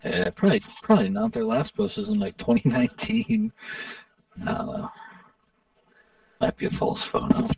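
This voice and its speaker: A man's voice: high voice, animated, normal speed, vocal fry, long pauses, no echo, far from the mic, narrow, tinny audio. A man thinking aloud with many hesitations during casual voice-chat banter.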